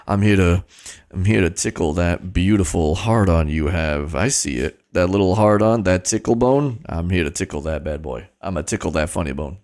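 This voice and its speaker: A man streaming a game live, joking at himself and swearing, with sudden excited yelps. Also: sits low, moderate pace. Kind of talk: live gameplay commentary.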